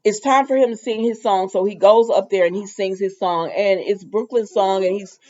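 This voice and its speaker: A woman's voice: mid-range voice, normal speed, a little mellow, dull audio. A woman casually recapping a soap opera episode, chatty and loose, with lots of fillers and asides.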